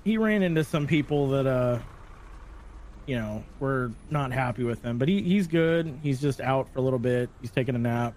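A man's voice: medium pitch, animated, moderate pace, a little mellow, a little hiss or hum. Laid-back male tabletop player. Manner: laid-back, hedging with "you know". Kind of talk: casual tabletop play.

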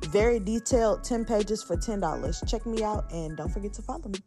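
A woman's voice: medium pitch, a little fast, music in the background. A young woman in her twenties hosting a podcast, venting candidly in casual conversational talk with lots of fillers. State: hiccups. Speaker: podcast host. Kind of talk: casual chat.

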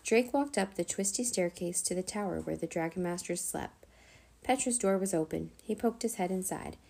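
A woman reading a children's chapter book aloud in a steady storytelling way. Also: lowish voice, moderate pace, gravelly. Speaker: narrator.

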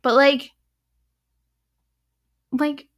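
A woman's voice: sits high, level tone, drawn-out words. Chatty young woman in her twenties. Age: 20s. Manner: chatty, heavy filler use, frank. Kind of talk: casual film-review chat.

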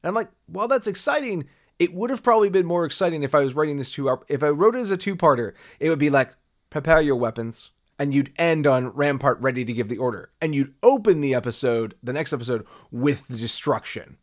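A man's voice: fairly high pitch, lively intonation, fast talker, few pauses. A man co-hosting a podcast, talking casually and rambling, acting out quoted reactions as he goes. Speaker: podcast co-host. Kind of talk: casual chat.

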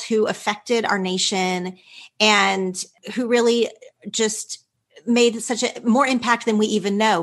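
A woman's voice: a little high, a bit bright. A woman hosting a podcast, wrapping up an interview and reading the outro with enthusiasm. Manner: enthusiastic, effusive. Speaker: podcast host.

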